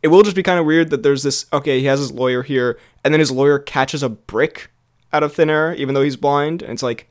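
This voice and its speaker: A man's voice: mid-range voice, a little fast. A young man co-hosting a casual film review podcast, talking in a rambling way with lots of fillers and restarts. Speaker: podcast co-host.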